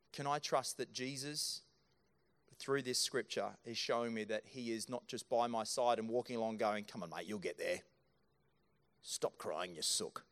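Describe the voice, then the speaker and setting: A man's voice: medium pitch, a bit bright. A man preaching a sermon into a handheld microphone in a church, talking earnestly and directly to his congregation. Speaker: pastor. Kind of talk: sermon with live scripture staging. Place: church auditorium.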